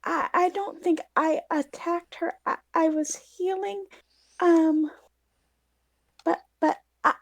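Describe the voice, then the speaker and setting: A woman's voice: very high voice, steady tone, takes it slowly, vocal fry, pitched above the performer's own voice, heavily acted. A woman voicing a timid young healer woman in a tabletop game, stammering nervously.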